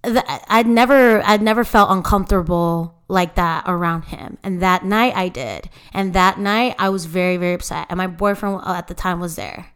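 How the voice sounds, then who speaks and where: Smooth-voiced woman telling a story. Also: lowish voice, normal speed, few pauses. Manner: animated retelling with quoted voices, many fillers. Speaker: podcast co-host and DJ. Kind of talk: casual storytelling chat.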